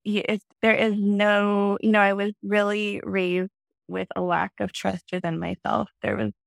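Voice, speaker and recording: A woman in her thirties, a podcast guest, telling a personal story in a lively way and acting out her own past lines. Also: measured pace, creaky, no room sound. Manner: animated, acts out her own past lines in a high excited voice. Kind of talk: conversational storytelling.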